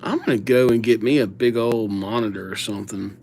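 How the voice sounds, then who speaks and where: A man's voice: fairly low pitch, steady tone, brisk, gravelly, a little mellow, a little hiss or hum. A man hosting a casual livestream, reading out viewer names while he writes them, in an easygoing way. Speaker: livestream host.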